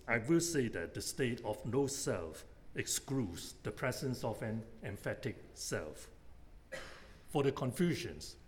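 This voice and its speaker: A man delivers an academic lecture in a measured, methodical way, laying out his argument point by point. His voice sits at an ordinary middle pitch. A faint hiss runs under the recording. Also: darkish tone.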